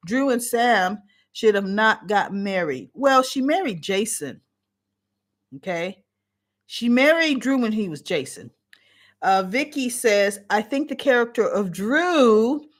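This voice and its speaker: A middle-aged woman hosting her channel in a casual chat, reading viewer comments aloud and reacting to each. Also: medium pitch.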